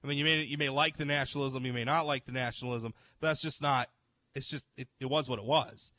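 A man with a medium-pitched, fairly even, pushed and bright voice talks fast as he hosts a talk show. He chats casually about the news, offering opinions, interrupting himself with frequent restarts and reading articles aloud.

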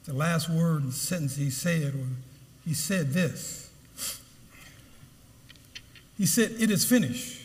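A man preaching a sermon as pastor, building with emphatic repeated phrases. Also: big-room sound. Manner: preaching with rising pitch and emphatic repetition.

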